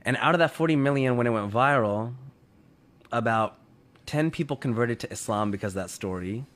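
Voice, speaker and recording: A man's voice: mid-range voice, a little fast, a bit bright. A man casually retelling a story to others in conversation, full of "you know" and "like".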